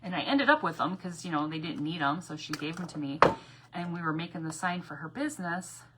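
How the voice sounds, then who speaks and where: A woman's voice: lowish voice, fairly quick, very noisy. Chatty woman hosting a craft livestream. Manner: chatty and rambling, reads out viewer comments while working; frequent self-corrections and repeated phrases. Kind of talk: casual craft livestream chat.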